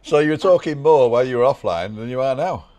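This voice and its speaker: A man's voice: mid-range voice, animated, fast, a crowd in the background. A man hosting a casual live stream over a video call, chatting and laughing often while explaining the stream setup. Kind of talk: casual chat. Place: home balcony.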